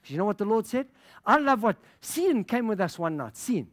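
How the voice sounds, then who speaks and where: A man's voice: high-pitched, very animated, normal speed. A middle-aged man from Africa, preaching a sermon as a pastor, telling stories with passion and laughter and acting out what people said. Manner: passionate storytelling with laughter and quoted dialogue.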